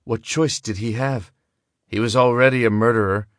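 A man giving steady, measured scripted narration of a story. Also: mid-range voice, no room sound, clean studio sound. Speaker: audiobook narrator.

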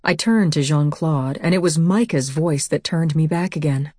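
A woman's voice: deep voice, normal speed, a little mellow, no echo, clean studio sound. A woman reading a first-person novel aloud as audiobook narrator, with an intense delivery.

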